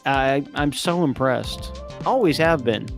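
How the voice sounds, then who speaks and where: A man's voice: mid-range voice, expressive, takes it slowly, gravelly, faint music behind. A man co-hosting a film review podcast, chatting casually and laughing often while retelling movie lines. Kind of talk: casual chat.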